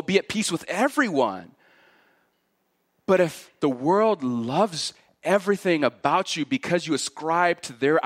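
A man preaching an expository sermon in an earnest voice, stacking repeated phrases as he builds each point and dropping low and quiet for his warnings. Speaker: pastor.

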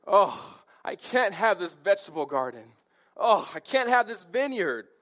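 A man's voice: high-pitched, big pitch swings, a little slow, a bit bright, pitched above the performer's own voice, heavily acted. A man doing a whiny, pouting king. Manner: whining.

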